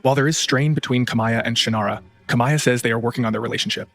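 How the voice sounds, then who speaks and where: A man hosting a true-crime podcast, narrating in a brisk, scripted way. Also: mid-range voice, a bit bright, soft background music.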